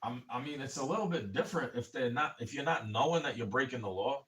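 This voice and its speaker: A man ranting on a livestream, rambling and swearing and calling the listener bro, getting louder in angry bursts. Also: mid-range voice, fast. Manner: rambling and profane, keeps saying "bro"; angry, rising to shouting in bursts. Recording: voice a bit far from the mic.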